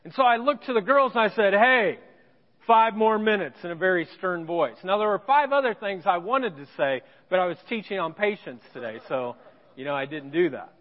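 A pastor telling a personal story in a sermon, with self-deprecating humor. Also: male voice, high voice, lively intonation, fairly quick, long reverb tail, dull audio. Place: church sanctuary.

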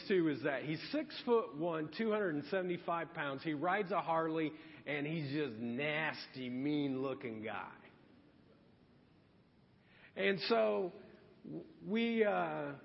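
A man preaching from the pulpit, sharing a personal story as if talking with friends. His voice sits a bit high, and a long church reverb trails each phrase. The recording sounds muffled and lo-fi. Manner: conversational, confiding storytelling. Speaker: pastor. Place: church sanctuary. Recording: reverberant hall, dull lo-fi sound.

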